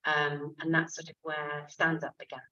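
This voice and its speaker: Woman, 60s, author guest. Low voice, chatty anecdotes, distant dull mic. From England. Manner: lively storytelling with quick asides and fillers. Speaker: author and comic actress, event guest. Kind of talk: conversational talk at a book event. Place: bookshop event room. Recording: distant, muffled event recording.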